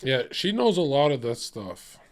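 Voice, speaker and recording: A man streaming casually, reacting to videos with profane jokes and sudden shouted bits. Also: mid-range voice, big pitch swings, moderate pace. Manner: profane, jokey, jumps to loud shouting bits.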